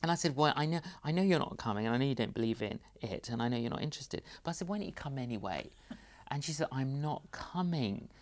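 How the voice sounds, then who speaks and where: A middle-aged male evangelist shares personal stories in an interview. He talks at an average pitch, and he jumps into the voices of the people he quotes. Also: fast talker. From London. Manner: animated storyteller, acts out both sides of conversations. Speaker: evangelist guest. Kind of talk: anecdotal interview storytelling.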